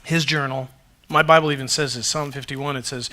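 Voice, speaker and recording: A man's voice: mid-range voice, a little fast. A middle-aged male pastor preaching a sermon to a congregation, telling stories animatedly and acting out the dialogue. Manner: animated storytelling, acts out dialogue. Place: church auditorium with congregation.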